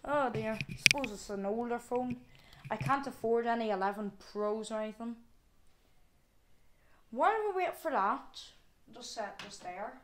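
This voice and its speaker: A woman with a slightly high voice talks straight to her viewers in a casual vlog. She is chatty and exclaims often, thinking out loud in a relaxed, homely way. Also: moderate pace, background noise. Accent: non-American, with regional word "wee". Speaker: vlogger. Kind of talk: casual unboxing chat to viewers.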